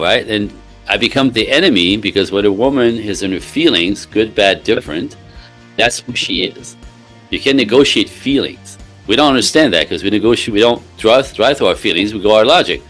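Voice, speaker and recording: A man's voice: lowish voice, lively intonation, moderate pace, a bit bright, soft background music. A man working as a relationship coach, speaking as an interview guest. He explains with everyday examples, talks emphatically, and keeps checking in with "right?".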